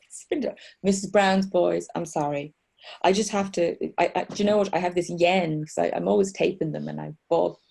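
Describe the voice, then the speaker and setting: Middle-aged woman, lower pitch, mellow and slightly raspy, rambling chat guest on a video call. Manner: chatty, self-mocking, rambling with restarts. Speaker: author guest. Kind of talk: casual chat.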